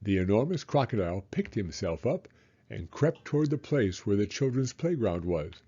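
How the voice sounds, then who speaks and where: Expressive man reading a storybook aloud. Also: fairly low pitch, normal speed, breathy edge, highs cut off. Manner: expressive, dramatic. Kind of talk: children's storybook read-aloud.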